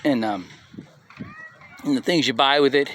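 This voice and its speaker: There's a little hiss or hum as a middle-aged man talks unhurriedly in a mid-range, fairly bright voice. Speaking at a community live session, he gives a loose, conversational motivational talk drawn from personal stories, frequently checking in with "right?".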